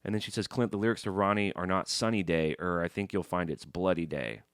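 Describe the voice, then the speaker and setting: A man's voice: low voice, steady tone, brisk, clear, resonant tone, no echo, studio quality. A man co-hosting a casual podcast, joking around and reading fan messages aloud. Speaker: podcast co-host.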